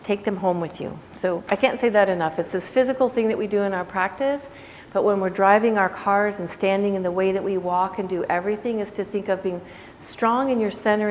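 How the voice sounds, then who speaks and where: A woman yoga teacher giving a casual, reflective talk to her class, conversational and full of "you know"s. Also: mid-range voice. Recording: echoey room with faint background noise.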